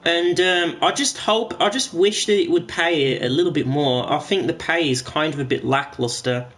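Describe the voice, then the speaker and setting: A man's voice: a little high, normal speed, a bit bright. Casual man streaming a game. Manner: rambling, swears casually, frequent restarts. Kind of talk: casual gaming stream commentary.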